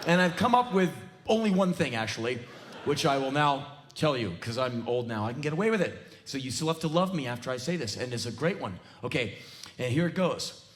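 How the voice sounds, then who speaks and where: Intense ranting man, lively swoops. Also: medium pitch, a little fast. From United States. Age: 40s. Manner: intense, ranting, bursts into shouts. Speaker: spoken word performer. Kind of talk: live spoken word comedy rant. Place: theater stage.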